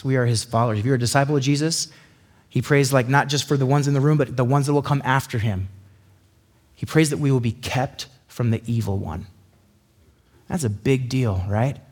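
A man preaching a casual, conversational sermon, chatty and animated, often acting out quick little voices to make a point. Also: medium pitch, breathy edge.

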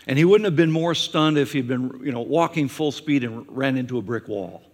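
A man's voice: medium pitch, lively intonation, normal speed. A male pastor preaching a conversational sermon with frequent fillers, who acts out questions in a raised voice. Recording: long hall reverb.

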